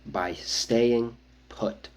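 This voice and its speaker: A man voicing a commanding woman leading her tribe, speaking slowly with heavy emphasis, in a storybook reading. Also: mid-range voice, steady tone, clean tone, voice pushed up. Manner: slow, emphatic speech. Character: commanding female tribal leader, cold and calculating.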